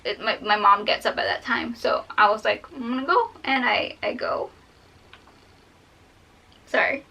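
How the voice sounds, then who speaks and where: A woman's voice: medium pitch, moderate pace, vocal fry, sharp tone, poor audio. A young woman vlogger telling a personal story while drawing, fighting back tears and rambling with many fillers.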